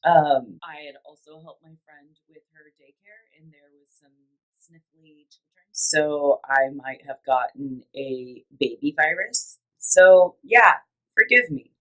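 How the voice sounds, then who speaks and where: A woman who has lost her voice, talking hoarsely and often dropping to a whisper, chatting loosely as a life coach giving an astrology report. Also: low-pitched, slow pace, fairly bright tone, rough recording. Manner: chatty and rambling, with laughs and restarts. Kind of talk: casual solo video talk.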